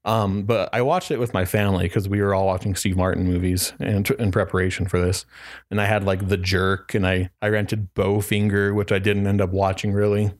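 A man's voice: low-pitched, little pitch movement, a little fast. A man in his thirties co-hosting a podcast, retelling film jokes in casual chat and laughing as he goes. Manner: rambling, laughs while telling jokes. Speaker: podcast co-host.

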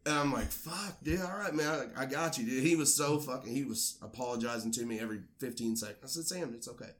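Co-hosting a casual podcast, a man tells a drinking story at a quick pace in a mid-range voice. He's animated, swears a lot, and acts out the voices of people he quotes.

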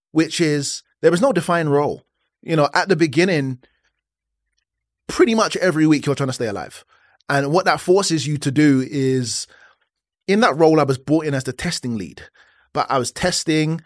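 A man's voice: fairly high pitch, no echo, clean studio sound. A man in his thirties hosting a personal podcast, talking candidly and acting out the conversations he recounts. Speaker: podcast host.

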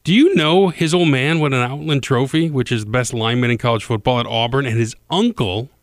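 A middle-aged man co-hosting a relaxed podcast, blunt and a little wry. His voice sits at an ordinary pitch and goes into sports facts at length. The recording is close and dry. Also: fairly quick, dry recording. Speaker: podcast co-host. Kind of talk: casual chat.

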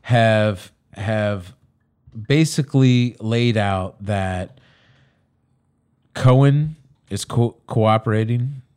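A man in casual political banter, rambling and animated, restarting his sentences. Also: on the low side, extremely slow, pauses often, smooth.

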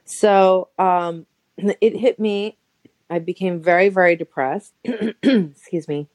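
A woman's voice: lowish voice, fairly even intonation, slow, darkish tone, dry recording. A woman in her forties, a guest telling an emotional personal story in a chatty way, full of fillers, sometimes acting out quoted voices. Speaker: interview guest. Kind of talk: personal story in a podcast interview. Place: Los Angeles.

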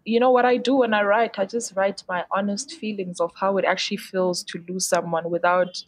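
A woman's voice: mid-range voice, fairly even intonation, fairly quick, no echo. A woman singer and songwriter from South Africa's Eastern Cape, chatting frankly in an interview and laughing often at her own blunt humor. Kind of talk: casual interview chat.

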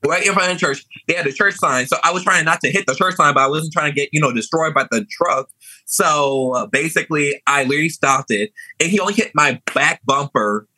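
A young man telling a story in an animated, sassy way, chatting casually. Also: fairly high pitch, brisk, no room sound, low-quality recording. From New Orleans. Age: young adult.

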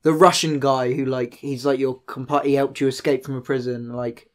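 A man co-hosting a casual chat, telling animated stories and slipping into quick impressions. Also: mid-range voice. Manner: animated storyteller who slips into quick impressions.

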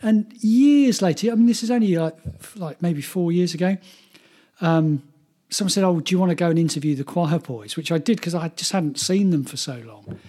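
A man's voice: high-pitched, normal speed, mellow. A man in casual chat, telling a rambling anecdote with laughs and restarts as a podcast co-host.

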